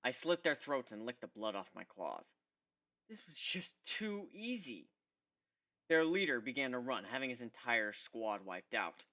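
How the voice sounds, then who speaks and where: A man giving an expressive first-person dramatic reading of a fan fiction story. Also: mid-range voice, moderate pace, hardly any pauses. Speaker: reader.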